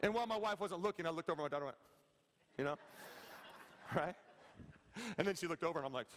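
A male pastor in his thirties with a fairly high voice, preaching in a casual, joking way and often asking the congregation "right?". His voice carries a long reverb from the church hall. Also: lively intonation, fairly quick, pauses often, fairly bright tone. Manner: conversational, joking, frequent "okay?" and "right?" asides to the congregation. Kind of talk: sermon. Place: church sanctuary.

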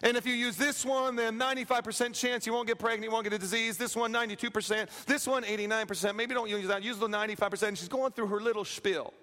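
Animated preacher man in a reverberant hall. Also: high voice, fast talker, hardly any pauses. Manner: animated, acts out quotes, plays for laughs. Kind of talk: sermon with storytelling.

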